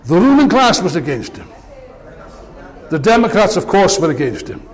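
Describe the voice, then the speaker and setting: A man's voice: sits high, big pitch swings, normal speed. A man giving an impassioned political speech to an audience, with mocking asides. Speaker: political speaker. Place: large meeting hall. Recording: long reverb of a hall.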